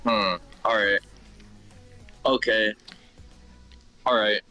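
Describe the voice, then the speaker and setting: A man with a bright, tense voice rambles through his questions, restarting often and swearing casually. Faint music plays behind him. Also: on the low side, steady tone, extremely slow, poor audio. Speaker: stream contestant. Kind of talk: casual stream chat.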